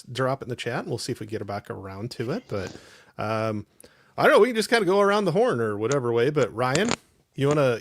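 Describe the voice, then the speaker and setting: In studio-quality audio with no room sound, a man with a medium-pitched voice hosts a casual livestream chat, rambling, laughing often and reading viewers' chat messages out loud.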